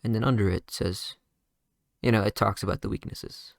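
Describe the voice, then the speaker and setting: A man's voice: lowish voice, fairly even intonation, moderate pace, gravelly, no room sound, clean studio sound. A man casually improvising a fan story, rambling with lots of fillers and restarts.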